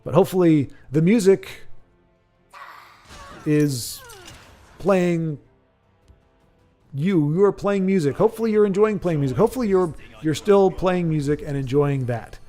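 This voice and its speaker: A man's voice: a little high, unhurried, pauses often, warm tone, soft background music. Chatty man hosting a stream. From United States. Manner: rambling, chatty, laughs often, reads viewer chat aloud. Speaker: stream host. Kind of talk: casual live-stream chat.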